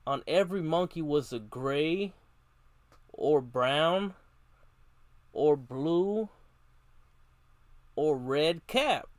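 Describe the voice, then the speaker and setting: Man, live streamer, casual storybook reading, slangy catchphrase habit, slow delivery, dry sound. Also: on the high side, animated, dry recording. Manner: slangy, keeps tacking on a catchphrase.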